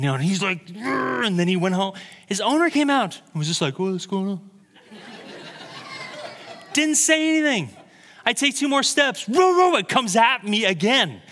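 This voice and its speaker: Male pastor, bright and lively, preaching in a reverberant hall. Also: high-pitched. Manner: animated storytelling, laughing at own jokes. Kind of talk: sermon.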